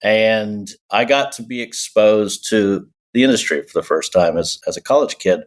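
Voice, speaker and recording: A man's voice: on the low side, moderate pace. Texas guy in his 40s, laid back, telling his backstory on a video call. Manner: easygoing, storytelling, self-deprecating. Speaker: agency co-founder, guest. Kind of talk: casual interview talk. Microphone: remote video call.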